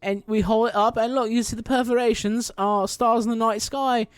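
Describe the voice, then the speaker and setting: A man's voice: very high voice, fairly even intonation, normal speed, clear, resonant tone, no room sound, pitched above the performer's own voice. A man putting on a British accent to play a fussy, nervous British man, chatty and eager as he explains. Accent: put-on British.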